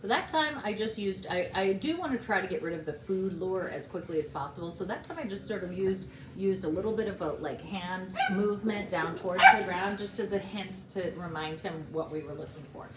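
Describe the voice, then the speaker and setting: A woman's voice: fairly quick, few pauses. A woman dog trainer explaining each step of a training session while coaxing a puppy. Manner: explains steps while coaxing a puppy, jumping to high praise. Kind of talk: instructional training demonstration. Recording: roomy and noisy.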